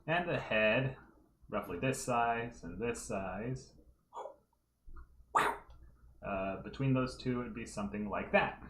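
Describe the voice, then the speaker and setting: A man's voice: mid-range voice, slow, pauses often, fairly bright tone, reverberant, a little hiss or hum. A man casually livestreaming as he draws, talking through his work step by step and thinking aloud, at home. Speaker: livestreaming fan artist. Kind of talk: casual livestream commentary while drawing. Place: room at home.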